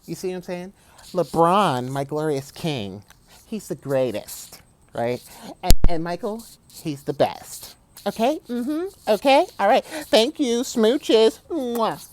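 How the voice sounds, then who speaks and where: A man's voice: sits high, very animated, slow pace, slight background noise, voice pushed up, exaggerated voice. A man voicing a smug, fawning male basketball fanboy who drawls hesitantly and blows kisses. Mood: smug doting. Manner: drawling, sing-song, hesitant.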